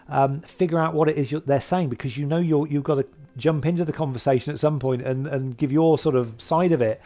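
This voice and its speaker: Man, slightly high pitch, casual vlog talk, rambling, hesitant, many fillers. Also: darkish tone. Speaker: vlogger describing his hobby.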